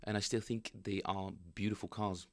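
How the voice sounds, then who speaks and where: A man's voice: lowish voice, level tone, moderate pace. A man casually chatting with viewers on a live stream, rambling and joking as he reads chat aloud. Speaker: bass player streaming practice.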